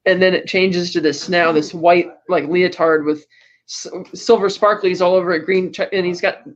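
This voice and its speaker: A woman with a fairly low, steady voice speaks at normal speed while co-hosting a casual film recap podcast. She rambles chattily, using many fillers and small laughs, over dull lo-fi audio.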